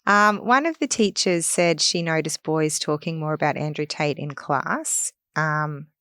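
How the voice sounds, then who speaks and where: Earnest low-voiced woman reading notes. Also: unhurried, sharp tone, clean tone, dry recording, clean studio sound. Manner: earnest, reads research aloud, presses her point. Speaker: podcast co-host. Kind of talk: casual discussion, reading from notes.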